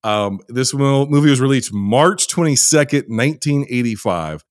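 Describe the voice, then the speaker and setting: A man's voice: medium pitch, normal speed, no echo, clean studio sound. A man hosting a casual podcast chat, speaking sardonically. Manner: sardonic, animated. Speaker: podcast host.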